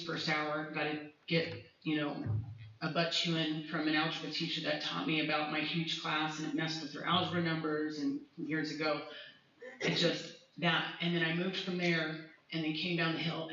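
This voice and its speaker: Woman, music teacher, emotional community speech, bright tone, dull distant recording. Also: deep voice, slight background noise. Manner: heartfelt, personal, rambling with restarts. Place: school meeting hall. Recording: echoey hall from far off, dull.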